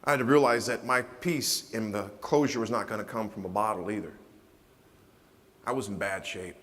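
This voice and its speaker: A man from Nebraska giving a motivational keynote speech, telling stories dramatically and swinging from hushed lines to shouting. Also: fairly low pitch, normal speed. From Nebraska, USA. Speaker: motivational speaker. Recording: reverberant hall sound.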